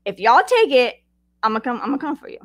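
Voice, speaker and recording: A woman in her thirties with a fairly high voice, talking animatedly to her podcast listeners. She switches between teaching points and chatty personal stories. The sound is close and dry. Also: sing-song, a little fast, no echo. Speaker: podcast host.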